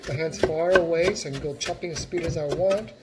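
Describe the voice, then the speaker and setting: Chatty man with a high voice. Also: brisk, heavy background noise. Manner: chatty, encouraging, talks while chopping. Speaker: home cooking vlogger. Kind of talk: casual cooking demonstration.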